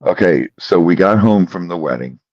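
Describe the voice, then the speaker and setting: Podcast co-host, male, very low and gravelly voice, lively storyteller who plays every part in his anecdotes, dry dull lo-fi sound. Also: moderate pace, dry recording. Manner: animated storyteller acting out both sides of a conversation. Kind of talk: casual podcast chat.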